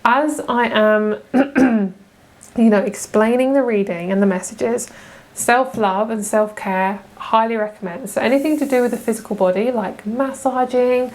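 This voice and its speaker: A woman's voice: fairly high pitch, unhurried, a little mellow. A young woman giving a casual tarot pick-a-card reading, chatty and gushing, often laughing. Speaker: tarot reader.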